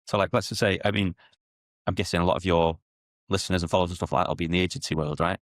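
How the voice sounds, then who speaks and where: A man, a podcast guest explaining sales in an animated way and acting out client conversations. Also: low voice, rapid-fire, no echo, studio quality. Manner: animated, acts out sales dialogues in quotes. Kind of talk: podcast interview.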